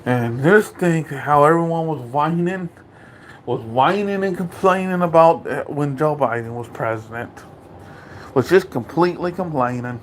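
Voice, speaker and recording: A man's voice: a little high, measured pace, slight background noise. A man ranting in a political commentary vlog, indignant and repetitive, speaking directly to his father. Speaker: video creator.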